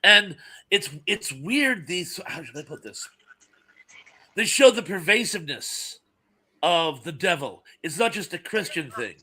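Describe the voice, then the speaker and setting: A man in a casual podcast chat who talks in an animated way and often stumbles over his words. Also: sits high, measured pace, slightly rough, poor audio.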